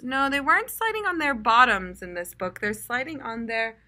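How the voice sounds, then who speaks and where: Bright-voiced woman teaching a read-aloud. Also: on the high side, expressive. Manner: slow, sounding out words, playful teacherly tone. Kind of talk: read-aloud lesson for young children.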